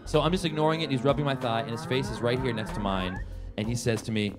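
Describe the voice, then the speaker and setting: A man's voice: medium pitch, quick pace, over music. A man telling a comedic true story to a live audience, acting out the quoted voices. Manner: animated, acts out quotes in big voices.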